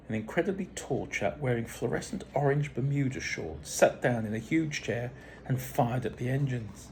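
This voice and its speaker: A man's voice: medium pitch, animated, moderate pace, a little mellow, slight background noise. A man narrating his own story in the first person, with dry, wry understatement. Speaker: audiobook narrator.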